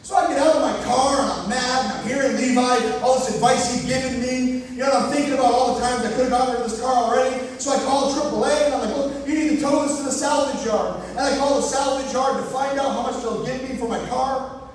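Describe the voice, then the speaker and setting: Man, motivational speaker, keynote for students; very high voice, booming echo of a big hall, mic far off. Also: quick pace, slight background noise. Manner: animated storytelling, acts out quoted voices. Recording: echoey hall recording from far off.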